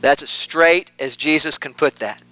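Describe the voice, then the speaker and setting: A man's voice: a little high, normal speed, bright, forceful tone, low-quality recording. A man preaching an earnest sermon, repeating phrases for emphasis.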